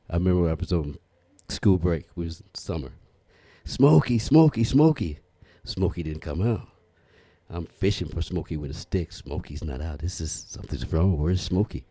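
A man's voice: deep voice, warm tone, no echo. A man talking in an earnest, folksy, preachy way in a casual timed monologue. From United States.

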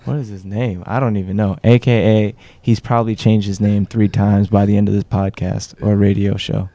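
A male radio co-host with a low, mellow voice, speaking in a laid-back, slangy and joking way. The recording is dry and close. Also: little pitch movement, normal speed, no echo. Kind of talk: casual radio chat.

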